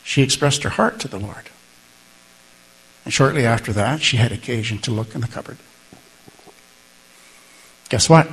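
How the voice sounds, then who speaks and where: A middle-aged man preaching a sermon as pastor, earnest and slow, rising to emphatic calls and leading prayer. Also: medium pitch, creaky, a bit bright, breathy edge, low-quality recording.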